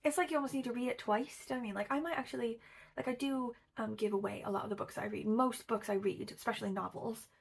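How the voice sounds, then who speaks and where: A woman's voice: a little high, steady tone, fast talker, gravelly, husky. A woman chatting casually about books in a vlog, rambling with lots of likes and ums. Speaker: booktuber. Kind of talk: casual book vlog chat.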